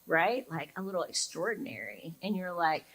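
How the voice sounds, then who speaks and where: A woman's voice: a little high, expressive, measured pace, fairly bright tone, poor audio. A young woman pastor giving a casual, reflective sermon, with lots of fillers and talking to her listeners as if in conversation. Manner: casual and reflective, many fillers, acts out listeners' inner reactions.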